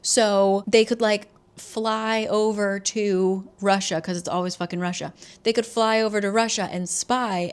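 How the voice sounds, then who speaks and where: A woman's voice: mid-range voice, clean tone. A woman in her twenties recapping a thriller in casual chat, sarcastic and swearing, with lots of "like". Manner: sarcastic, swears, laughs at the plot; chatty, full of "like". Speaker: book vlogger.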